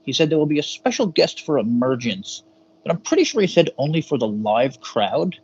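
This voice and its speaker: A man's voice: on the high side, very animated, brisk, slightly rough. A man co-hosting a podcast, chatting casually and rambling through a wrestling review with hesitant fillers and casual swearing. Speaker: podcast co-host. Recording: dull lo-fi sound with faint hum.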